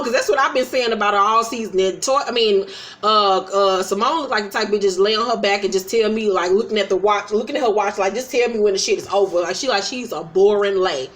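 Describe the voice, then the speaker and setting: A woman's voice: mid-range voice, brisk, fairly bright tone. A woman recapping a reality show in a casual, profane, sassy way, often acting out the cast members' quotes in put-on voices. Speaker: recap host.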